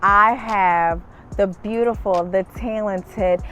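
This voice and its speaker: A young woman, hosting a casual talk show in a bubbly, excitable way. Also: mid-range voice, slow pace, dull audio, music in the background. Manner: bubbly, excitable, laughs often.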